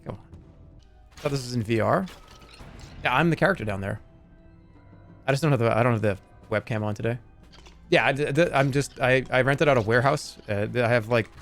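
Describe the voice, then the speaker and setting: Rambling, joking male streamer. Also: mid-range voice. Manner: rambling, joking, reading chat aloud. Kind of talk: casual live-stream chat. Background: faint game music.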